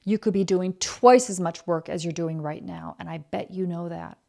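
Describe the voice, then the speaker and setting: A married adult woman hosting a podcast gives a blunt, emphatic motivational talk about excuses and being busy. Her voice is on the low side, creaky and warm, at a moderate pace.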